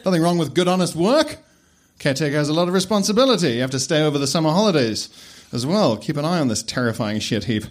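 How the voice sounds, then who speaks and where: A man's voice: fairly high pitch, lively intonation, fast talker, close to an everyday voice. A crude, lazy old wizard headmaster who drawls casually and swears freely, as a man puts him on. He is a comic storybook figure with a gleeful, chuckling manner. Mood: laid-back. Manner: laid-back, swearing, chuckling.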